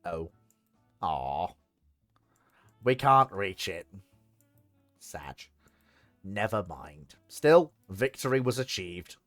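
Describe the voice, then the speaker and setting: A low, sing-song, somewhat bright male voice draws out words and leaves long pauses, with no echo and faint music behind. Streaming a naval strategy game, he offers casual commentary, laughs often, swears, and performs mock dialogue.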